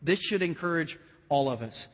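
A man's voice: a little high, lively intonation, normal speed. A man preaching a sermon, reading scripture aloud, acting out the voices of the figures he quotes, and then explaining the passage to his listeners. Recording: dull lo-fi audio with long hall reverb.

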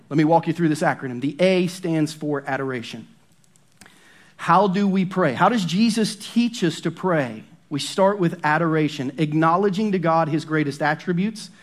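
A man preaching a sermon as pastor in a church, emphatic and often dropping to a hushed, intense tone on key points. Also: a little high.

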